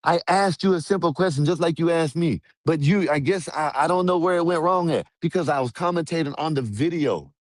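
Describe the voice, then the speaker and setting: A man's voice: fairly high pitch, a little fast, hardly any pauses, no echo. A man co-hosting a livestream who argues defensively, stammers, and keeps repeating himself. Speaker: co-host commentator. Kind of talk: heated argument on a livestream.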